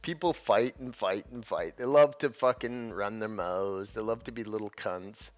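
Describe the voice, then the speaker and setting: A man's voice: on the low side, normal speed. A man ranting scornfully in gaming commentary, swearing heavily as he reacts to clips. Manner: profane, scornful, heated. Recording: dull lo-fi audio with faint music.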